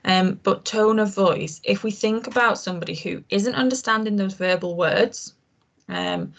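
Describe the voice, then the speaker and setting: A woman's voice: medium pitch, moderate pace. A woman trainer giving an informal online lesson on communication, explaining with frequent ums and restarts.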